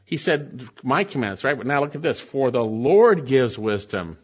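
A man's voice: mid-range voice, animated, moderate pace, slightly rough. A man preaching a sermon, reading scripture aloud and explaining it with emphatic, rhetorical questions to his congregation. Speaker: pastor. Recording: dull lo-fi recording.

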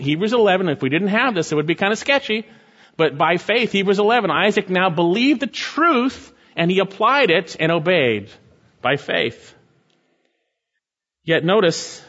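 A man's voice: a little high, fairly bright tone. Preaching man, lo-fi sound. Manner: preaching with rising emphatic exhortations and dramatic scripture reading. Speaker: pastor. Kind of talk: sermon.

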